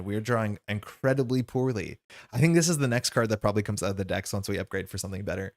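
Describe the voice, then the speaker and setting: A man playing a card game on stream, thinking aloud as he explains the rules and his choices in a casual way. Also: fairly low pitch.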